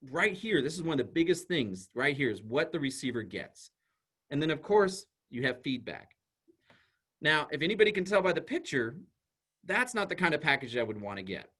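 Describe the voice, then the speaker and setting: Husky, lively man giving a talk. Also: on the high side. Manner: animated storyteller using everyday examples. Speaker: school psychologist giving a talk. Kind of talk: presentation to an audience.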